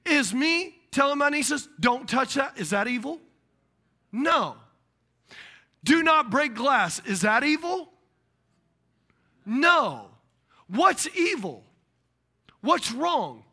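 A middle-aged man delivers a sermon in a strikingly high voice. His pitch leaps around as he acts out the voices of the people in his stories, and his tone is bright and forceful. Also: slow pace, long pauses. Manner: animated preaching with acted-out voices. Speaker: pastor.

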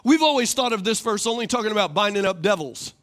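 Male pastor, high voice, sermon style, big on call-and-response. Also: animated, fast talker, a bit bright. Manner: rhetorical, calls for congregation responses; repeats questions for emphasis.

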